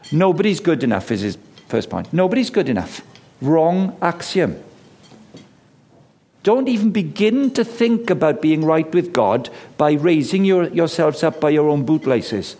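Lively man preaching. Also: on the high side. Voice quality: lively, jokey, emphatic delivery. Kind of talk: lunchtime sermon.

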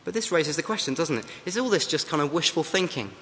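A man's voice: a little high, expressive, fast, fairly bright tone. A man preaching a sermon, earnest and exhorting, often asking the congregation rhetorical questions. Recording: long hall reverb, faint background hum.

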